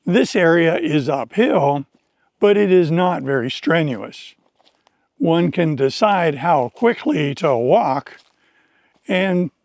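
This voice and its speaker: Man, slow deliberate teaching voice, slightly high, dry close sound, outdoor forest trail. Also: a little mellow, no room sound. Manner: slow, deliberate, carefully explained speech. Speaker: English teacher. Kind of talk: slow, clear teaching narration on a hike.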